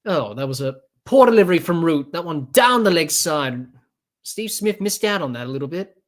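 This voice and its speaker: A man hosting a podcast calls a cricket match as it unfolds, speaking at normal speed with lively intonation and a fairly high pitch. His unscripted commentary includes fillers and restarts.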